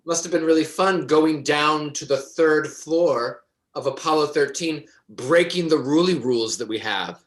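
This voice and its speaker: A jealous, whiny rich fiancé, played by a man in an improvised stage comedy. He coos in baby talk and draws his words out slowly. His voice sits high. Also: lightly acted. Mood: cooing.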